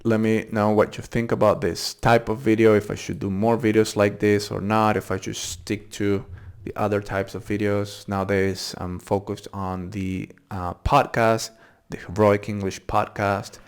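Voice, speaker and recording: Man drilling tricky words slowly. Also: fairly low pitch, flat delivery, clear, resonant tone. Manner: thinks aloud with fillers and restarts. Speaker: English pronunciation channel host. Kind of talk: casual unscripted pronunciation lesson.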